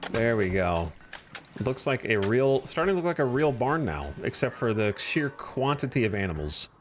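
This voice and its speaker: A man's voice: medium pitch, very animated, normal speed. A man streaming a game, chatting casually and thinking aloud about his next moves. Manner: thinks aloud while playing, chatty and easygoing. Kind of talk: casual gameplay commentary.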